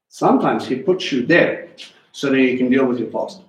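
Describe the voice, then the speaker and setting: A man preaching a sermon in an animated way, swinging between loud and hushed, and speaking directly to the people in the room. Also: mid-range voice, moderate pace. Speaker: teacher. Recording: echoey room.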